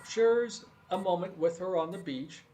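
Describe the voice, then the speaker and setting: A man's voice: high-pitched, measured pace. A man giving a blunt, profane, repetitive review of a TV show during a casual live stream. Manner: blunt, emphatic, profane, repeats himself.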